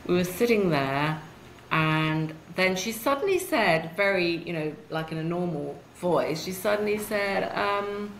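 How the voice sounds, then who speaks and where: A British woman with a low voice, speaking as an interview guest. She talks in a thoughtful, reflective way. Her voice carries a roomy echo over faint background noise. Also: animated, unhurried. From United Kingdom. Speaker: guest, author and blogger. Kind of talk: conversational interview. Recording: echoey room with faint noise.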